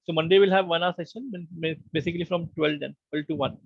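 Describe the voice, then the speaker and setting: A man teaches a live online class in a patient, conversational tone. His voice sits a touch high and has a gravelly edge. The sound is dry and a little muffled, like an online meeting call. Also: steady tone, fast, no echo. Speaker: online course instructor.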